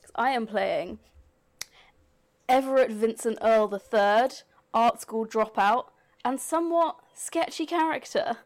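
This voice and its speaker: A woman player on a tabletop game podcast, playful and relaxed in casual chat. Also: on the high side, a little slow.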